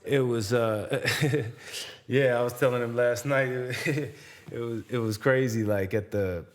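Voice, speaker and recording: Taking it slowly in a medium-pitched voice, this hip-hop artist and podcast co-host rambles through loose stories during a casual conversation. He often restarts his thoughts and breaks into laughter.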